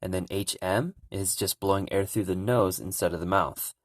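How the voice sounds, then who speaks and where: A young man giving a relaxed, casual language lesson, calmly explaining pronunciation. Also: low-pitched, dry recording, studio quality. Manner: relaxed, repeats sounds slowly and loudly to demonstrate. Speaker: language teacher.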